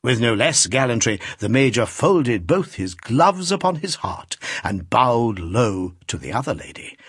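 A man narrating a classic novel as an audiobook, reading in an expressive, theatrical manner. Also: medium pitch, unhurried, slightly rough, dry recording, studio quality.

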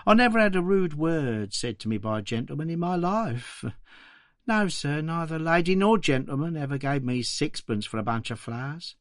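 A man's voice: fairly high pitch, animated, normal speed, no room sound, studio quality, pitched above the performer's own voice, close to an everyday voice. A man voicing a modest English flower girl. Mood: earnest. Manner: plain, simple, answering politely. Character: poor young orphan flower girl, modest. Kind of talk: documentary reading of a quoted interview.

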